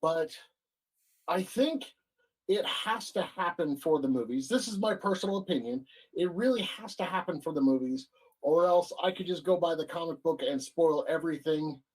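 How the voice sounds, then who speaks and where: A man co-hosting a casual comic-book chat show, pausing often with ums as he lays out an opinion. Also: a little high, husky, poor audio. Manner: hesitant, lots of ums. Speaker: podcast co-host.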